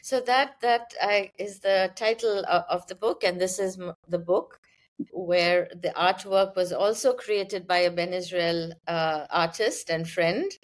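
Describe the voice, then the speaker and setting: A woman poet who is a guest on a podcast. She answers questions thoughtfully, pausing often, and also reads her own poetry aloud. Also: fairly low pitch, fairly even intonation. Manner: thoughtful, gentle, pauses with fillers. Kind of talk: interview answers and poetry reading.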